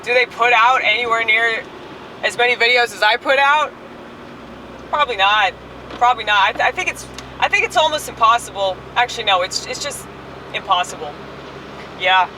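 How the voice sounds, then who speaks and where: A woman's voice: a little high, bright, forceful tone, far from the mic, slight background noise, low-quality recording. A woman ranting crudely while driving and filming herself on a phone. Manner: brash, profane, rambling. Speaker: online comedian. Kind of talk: casual driving vlog rant. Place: inside a moving car. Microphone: phone camera held while driving.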